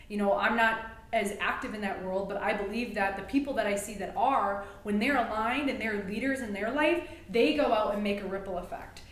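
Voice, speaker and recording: A woman's voice: medium pitch, fairly bright tone. A woman chiropractor co-hosting a podcast, talking with passion and emphasis in casual conversation. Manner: passionate, emphatic, gets fired up. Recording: echoey room with faint ambience.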